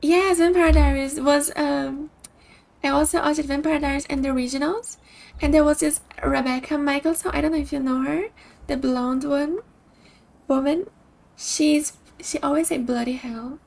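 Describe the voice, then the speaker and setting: High-voiced chatty woman streamer. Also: fairly even intonation, moderate pace, gravelly, darkish tone. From Brazil. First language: Portuguese. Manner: chatty, upbeat, giggly. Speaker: game streamer. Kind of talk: casual stream chat with game commentary.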